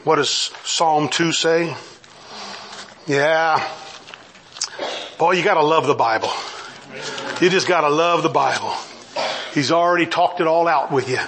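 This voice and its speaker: A man's voice: fairly high pitch, measured pace, long pauses, a bit bright, a little hiss or hum. A middle-aged man preaching a sermon, emphatic, firing off mocking rhetorical questions and laughing often. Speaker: pastor.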